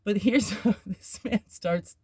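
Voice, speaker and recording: A woman's voice: medium pitch, slow pace, mellow, slightly rough, no echo, clean studio sound. A woman hosting a podcast, telling a personal story in a candid, rambling way, with filler words and nervous laughs. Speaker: podcast host.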